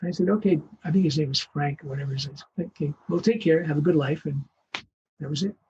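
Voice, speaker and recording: An older male voice actor telling animated anecdotes in an interview, acting out the voices of the people he quotes. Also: a little high, fast, highs cut off, slight background noise. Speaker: guest voice actor. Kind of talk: storytelling interview.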